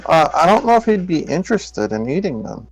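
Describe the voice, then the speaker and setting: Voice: mid-range voice, sing-song, brisk, vocal fry, slightly rough, poor audio. A player in a tabletop game who teases the others in a wry way. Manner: wry, teasing. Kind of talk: casual tabletop game banter.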